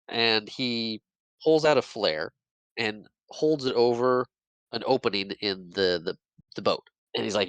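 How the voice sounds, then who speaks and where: A man's voice: lowish voice, moderate pace, fairly bright tone, dry recording, rough recording. A man on a podcast casually retelling a movie plot, jumping into quoted lines and laughing often. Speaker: podcast co-host recapping a movie. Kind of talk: casual chat.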